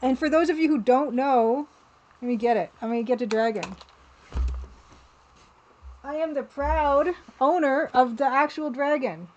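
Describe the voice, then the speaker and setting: A woman's voice: high voice, unhurried, pauses often, a little mellow, muffled recording, slight background noise. A woman livestreaming as an artist, chatting casually and playfully, with easy laughter. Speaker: livestreaming artist and game developer.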